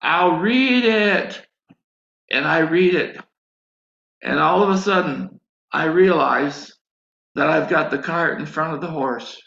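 A man's voice: on the high side, measured pace, gravelly, a bit bright. A man preaching a sermon, telling a personal story and acting out his own prayers. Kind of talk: sermon testimony. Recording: echoey, dull lo-fi sound.

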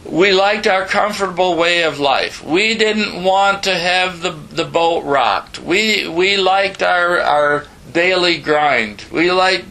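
A man's voice: sits high, slow, creaky, hardly any pauses, bright, forceful tone, rough recording. An older man preaching a folksy sermon, often repeating and restarting his words.

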